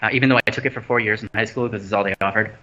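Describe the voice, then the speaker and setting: In a low-ish, bright, forceful voice with fairly even intonation, a man talks very fast while hosting a casual livestream from an empty new house. Playful and rambling, he often loses his thread, and the phone's lo-fi sound is slightly dull, with a little background noise.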